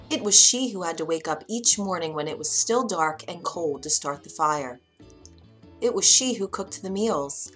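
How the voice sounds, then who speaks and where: Expressive woman reading a storybook. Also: fairly low pitch. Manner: expressive, does character voices. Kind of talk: children's storybook narration. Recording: faint music behind.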